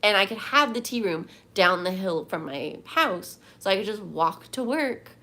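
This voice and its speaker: A woman's voice: mid-range voice, animated, moderate pace, pushed and bright. A woman livestreaming from home, chatting casually and rambling as she answers viewers' comments. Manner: chatty, rambling, reads chat aloud.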